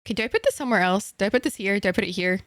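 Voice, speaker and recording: A woman's voice: mid-range voice, lively intonation, racing, a bit bright, no room sound, clean studio sound. A young woman from Egypt streaming a game and chatting casually with viewers, playful and giggly, swearing freely and using slang.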